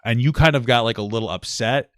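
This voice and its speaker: A man's voice: medium pitch, fast talker, dry recording, studio quality. A man in his thirties with a New York accent, co-hosting a casual podcast chat, profane and self-deprecating. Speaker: podcast co-host.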